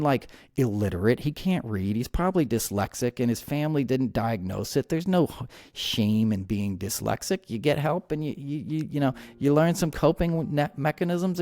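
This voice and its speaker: Ranting man, gravelly and dry. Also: medium pitch, dark tone, dry recording. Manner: heated, ranting, many restarts. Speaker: podcast host. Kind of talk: angry political commentary.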